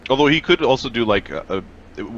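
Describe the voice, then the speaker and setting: A man's voice: mid-range voice, animated, brisk, a bit bright, lo-fi sound, a little hiss or hum. A man playing in a tabletop game, chatting casually and drawing out his turns. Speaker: player.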